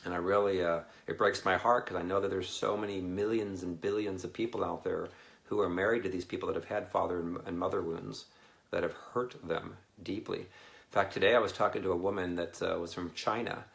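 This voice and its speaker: A man's voice: deep voice, steady tone, a little fast, creaky, fairly bright tone. A man chatting casually and rambling to viewers on a live video, often laughing between thoughts. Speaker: Christian ministry speaker.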